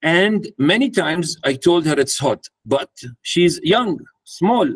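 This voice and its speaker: A man's voice: fairly high pitch, animated, slow pace, breathy edge. A man speaking to a live audience at a mentoring workshop, putting questions to the room and acting out a parent talking to a child. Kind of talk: interactive workshop talk.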